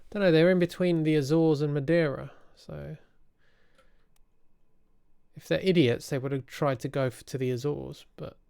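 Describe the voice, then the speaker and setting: A man's voice: on the high side, steady tone, moderate pace, creaky, pauses often, dark tone, smooth. A man thinking aloud as he plays a game, muttering his deductions and swearing casually. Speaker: let's play streamer. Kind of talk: thinking-aloud gameplay commentary.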